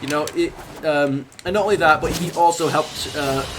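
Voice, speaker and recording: A young man chats while streaming a game, rambling and halting as he thinks aloud. His voice sits a bit high for a man. Steady noise runs under the recording. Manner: rambling, halting, talks over gameplay. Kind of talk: casual gaming stream chat. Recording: noisy background.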